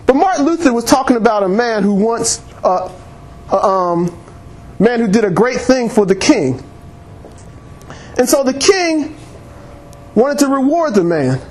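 A man's voice: very high-pitched, sing-song, unhurried, pauses often, a little mellow. A man preaching a sermon in church, reading scripture and calling on the congregation for amens, laughing often.

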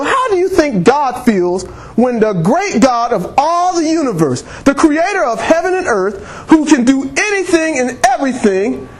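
A man preaching a sermon in church, reading scripture and calling on the congregation for amens, laughing often. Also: extremely high pitch.

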